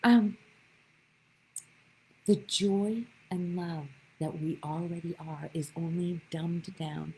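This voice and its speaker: A woman's voice: lowish voice, steady tone, takes it slowly, long pauses, dark tone, slightly rough, low-quality recording. A woman giving a live-streamed spiritual talk, telling stories with animation and greeting viewers by name. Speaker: spiritual teacher.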